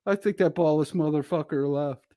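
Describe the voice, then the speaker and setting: A man's voice: on the high side, normal speed, warm tone, no echo. Male streamer, casual chat reader, crude and laughing, dry close-mic sound. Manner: crude, laughing, reads viewer comments aloud. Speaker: livestream host reading chat. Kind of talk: casual livestream chat reading.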